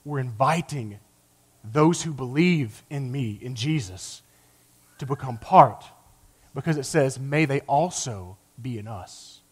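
A man preaching a sermon with passion, rising to loud emphatic peaks and dropping to a low, quiet voice, sometimes acting out quoted lines. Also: lively intonation, slow pace, slightly rough. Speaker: pastor.

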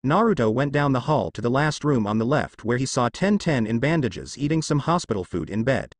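A man reads a fan fiction story aloud in a plain, steady way, his pitch rising and falling with life. The recording sits close to the mic and is dry, with no room sound. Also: a little fast, dry recording. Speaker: narrator.

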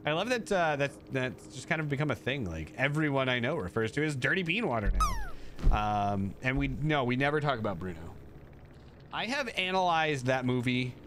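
Against a noisy background, a US live streamer rambles chattily while reading and answering messages from his chat. His sing-song voice keeps a moderate pace and leaps upward when he thanks viewers.

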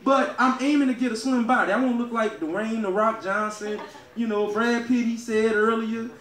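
A male stand-up comedian from Louisiana with a Southern American accent, loud and crowd-working, laughing at his own jokes. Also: extremely high pitch, fairly even intonation, normal speed, far from the mic. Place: comedy club stage. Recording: echoey club room, heard from afar.

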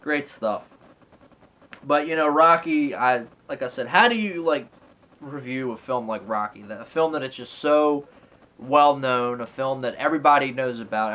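A man talks through his thoughts on an old favorite film in a loose, rambling way. His voice sits at a middling pitch, and his sentences keep looping back through "you know" and "like" as he acts out bits of dialogue. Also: moderate pace, a bit bright, rough recording. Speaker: movie reviewer. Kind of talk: casual spoken film review.

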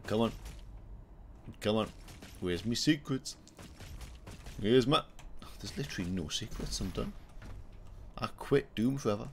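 Streaming a shooter game, this man yelps and mutters excitably at the screen in live commentary. His fairly low, creaky voice is unhurried, with long pauses and slight background noise behind it.

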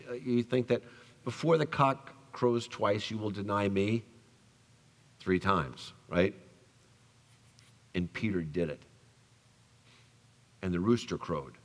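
A male pastor preaching a sermon, telling the story with animated acted-out voices and dropping soft for tender lines. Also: mid-range voice, measured pace, long pauses. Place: church sanctuary. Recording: long church reverb.

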